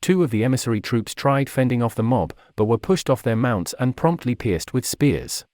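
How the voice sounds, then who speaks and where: A man reading a fantasy story aloud in a steady, measured way. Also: mid-range voice, no echo, studio quality. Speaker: narrator. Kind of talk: storybook narration.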